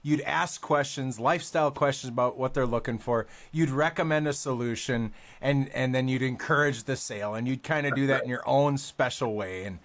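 Man in his thirties, mid-pitched voice, relaxed chatty host. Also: moderate pace, hardly any pauses. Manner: conversational, reminiscing with fillers. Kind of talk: casual interview chat.

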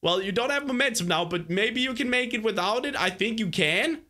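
A young man on a headset coaches a player through a game, patient one moment and whooping the next. His voice is bright and very lively in pitch. He laughs often between his tips. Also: a little fast, slight background noise. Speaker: gaming host. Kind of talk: gaming commentary, coaching a player.

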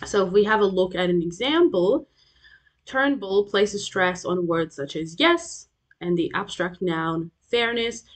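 A woman giving a recorded revision lecture, explaining terms step by step and often checking in with "okay?" between points. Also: fairly low pitch.

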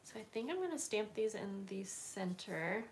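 Woman, craft live host, mid pitch, loose rambly chat, faint noise. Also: expressive, moderate pace. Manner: chatty, rambling, many fillers and self-corrections. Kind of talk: casual livestream chat while crafting. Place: indoors at her craft table.

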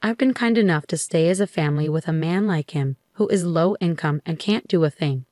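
A woman's voice: sits low, brisk, darkish tone, no echo, studio quality, natural voice. A woman reading as a scornful, overbearing mother. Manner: scornful, demanding. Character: condescending overbearing middle-aged mother.

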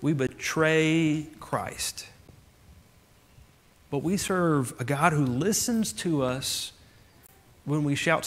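A man's voice: a little high, slow pace, long pauses. A man preaching a sermon as pastor, earnest and building his points with repeated phrases. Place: church sanctuary. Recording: long church reverb.

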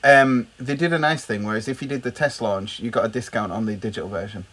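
Husky British man, crude banter. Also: mid-range voice, quick pace. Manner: crude, joking, deadpan banter. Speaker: podcast co-host. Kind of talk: casual podcast chat.

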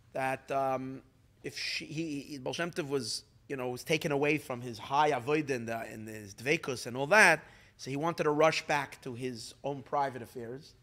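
A man, a rabbi, telling a Hasidic story at a community gathering, in a halting way with frequent restarts, fillers and Yiddish words. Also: fairly high pitch, pushed and bright. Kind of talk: storytelling talk. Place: community gathering, evening meal.

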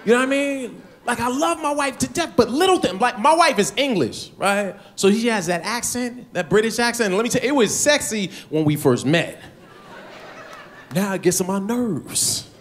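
A middle-aged man performing a stand-up comedy routine, animated and punchy, laughing at his own jokes. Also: high voice, moderate pace, some chatter behind. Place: comedy stage before a live audience.

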